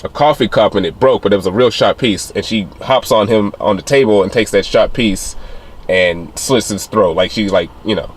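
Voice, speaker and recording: A man's voice: moderate pace, breathy edge. Casual rambling male film reviewer. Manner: rambling retelling with many fillers, acting out quotes in a higher voice. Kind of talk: casual spoiler recap of a film.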